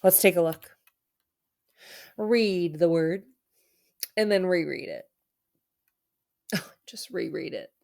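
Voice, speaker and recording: A woman's voice: on the low side, lively intonation, takes it slowly, gravelly, pauses often, darkish tone. A woman teacher giving an online reading lesson for children, playful and theatrical, with dramatic mock sadness.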